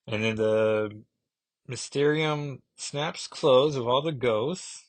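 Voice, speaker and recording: A man's voice: medium pitch, slow pace, no room sound. A man hosting a podcast who reviews a comic book casually, rambling and correcting himself as he thinks aloud. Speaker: podcast host.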